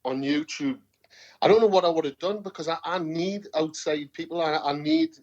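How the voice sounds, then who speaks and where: A man with a Geordie accent talks as a podcast guest, warming into his stories and doubling up words as he goes. His voice sits a touch high. The recording sounds dull and lo-fi. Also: normal speed, vocal fry. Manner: animated storyteller, repeats words, says "you know what I mean". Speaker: podcast guest, singer-songwriter. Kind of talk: casual podcast chat.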